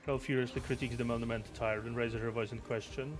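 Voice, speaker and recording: A young male streamer reads a game's story aloud, often stumbling over words and correcting himself. His voice sits at an ordinary male pitch. Game music plays clearly behind him. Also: steady tone, fast talker. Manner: stumbling, self-correcting reading. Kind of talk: reading game story aloud, casual chat. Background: background game music.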